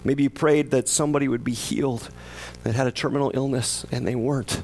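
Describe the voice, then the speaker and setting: A man's voice: medium pitch, steady tone, fairly quick, darkish tone, slight background noise. A man preaching a sermon as pastor, conversational, often asking his listeners questions and acting out the psalmist's words with rising intensity. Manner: conversational, asks the congregation questions.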